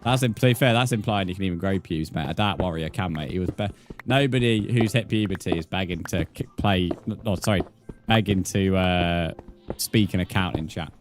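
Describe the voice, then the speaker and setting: A man with a fairly low voice chatting loosely with his live-stream audience. He banters, swears and makes mock threats at the chat, with faint music running underneath. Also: normal speed. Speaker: livestreamer.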